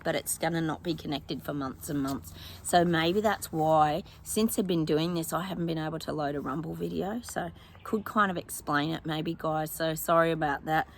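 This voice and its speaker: A woman's voice: sits low, creaky, a little hiss or hum, rough recording. An Australian woman vlogging outdoors in her yard, casually chatting with her viewers as a psychic, rambling and calling them "guys".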